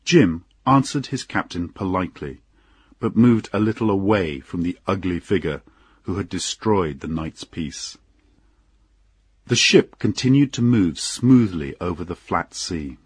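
A man narrating an audiobook story in a slow, measured storytelling manner. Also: low voice, lively intonation, breathy edge, dry recording, clean studio sound.

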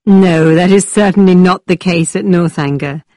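A woman voicing a playful young gentleman who tells a tale in a low, dramatic voice to tease a listener. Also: normal speed, dry recording, clean studio sound, natural voice. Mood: teasing.

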